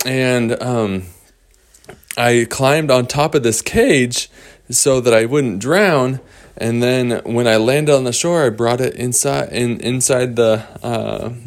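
A man voicing a cheerful shipwrecked little girl who lives in a cage, chatting with many fillers and pauses. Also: medium pitch.

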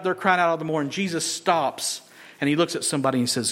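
A man preaching a sermon, acting out crowd voices and swinging from shouts down to whispers. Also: fairly high pitch, quick pace. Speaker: pastor.

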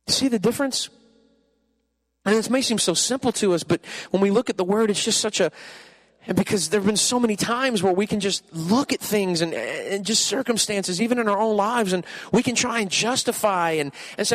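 A man preaching a sermon in a noticeably high voice. He talks to the congregation in a lively, conversational way, then sinks into quiet, earnest stretches to drive his points home. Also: a little fast. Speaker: pastor.

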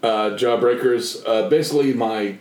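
A man's voice: medium pitch, moderate pace, a little mellow, reverberant, poor audio. A man co-hosting a podcast, telling a rambling story with lots of fillers in casual chat. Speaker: podcast co-host.

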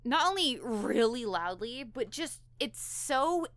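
Young woman co-host, casual episode recap, bright and a bit high, dry close sound, slips into characters' voices. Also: slow, no echo. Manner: animated, acts out characters' lines while retelling. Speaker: podcast co-host.

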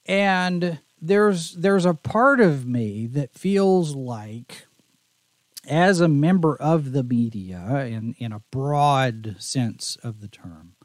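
Slow-talking host with a faint Texas twang. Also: male voice, a little high, expressive, dry recording. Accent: faint Texas Southern. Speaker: show host. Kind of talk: casual podcast chat.

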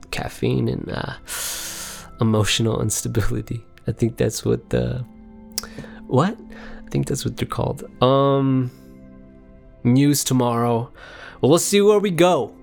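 A man talks to his listeners in a loose, rambling solo podcast, swearing freely and poking fun at himself. He speaks slowly, with faint music behind him. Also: mid-range voice. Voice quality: raspy put-on voice at times. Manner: rambling, profane, self-mocking. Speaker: podcast host. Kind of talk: casual solo monologue.

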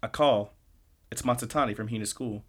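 Speaking briskly at a medium pitch, a man on a podcast runs through episode recaps with casual enthusiasm. He keeps saying "like" and restarting his sentences as he rambles.

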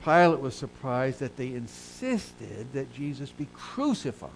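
A male pastor preaching a sermon, swelling loud and high on key phrases and then sinking low and quiet. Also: very animated, unhurried, hardly any pauses, a little hiss or hum, low-quality recording. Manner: preaches with big swells in pitch and volume, then drops low.

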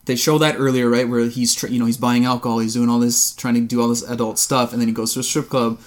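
A man's voice: medium pitch, level tone, fast. A man co-hosting a casual movie review podcast, rambling through scenes, laughing and swearing as he goes. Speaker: podcast co-host.

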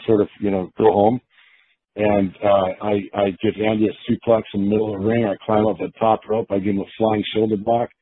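A man's voice: on the low side, breathy edge. A man casually telling a long story, acting out the quotes of the people in it, with many restarts. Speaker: guest storyteller. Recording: tinny phone-like line.

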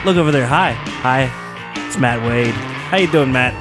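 A young adult man hosting a comedy show, with quick, wry, animated banter. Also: mid-range voice, music in the background.

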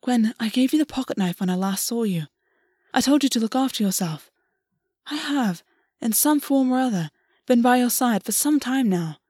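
A woman's voice: fairly high pitch, expressive, normal speed, darkish tone, no echo, studio quality, voice pushed up. A woman reading a stern, commanding fae lord. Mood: stern insistent. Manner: stern, insistent. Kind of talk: audiobook reading.

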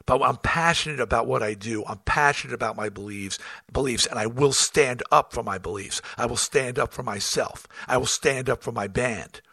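A man, a rock band front man, telling tour stories in a blunt, profane, animated way, acting out what was said and often restarting his sentences. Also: mid-range voice, moderate pace, vocal fry, husky, no echo, studio quality. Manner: animated, acts out quotes, frequent restarts. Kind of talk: casual storytelling.

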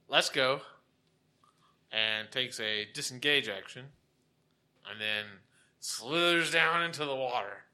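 A man's voice: medium pitch, sharp tone. A man narrating a tabletop game as game master in a casual way, laughing often as he describes the scene.

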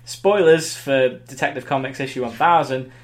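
A man co-hosting a podcast, quick to jump in with excited reactions. His pitch is typical for a man, and he keeps the chat loose and eager. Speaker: podcast co-host. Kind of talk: casual chat.

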